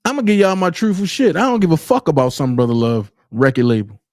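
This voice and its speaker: A man's voice: on the high side, quick pace, darkish tone, no echo, clean studio sound. A man hosting a livestream, ranting bluntly with heavy profanity. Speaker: livestream commentary host. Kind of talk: unscripted commentary rant.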